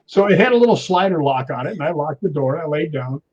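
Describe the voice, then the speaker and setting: Husky-voiced man telling a lively story. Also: a little high, fast talker, highs cut off. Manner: animated storyteller, keeps asking "right?". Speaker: guest. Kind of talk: telling a story in a chat show.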